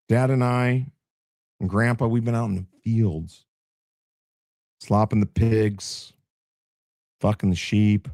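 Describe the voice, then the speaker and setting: A man streaming late at night, mocking a clip with crude, animated commentary. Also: on the low side, takes it slowly, pauses often, no echo, studio quality.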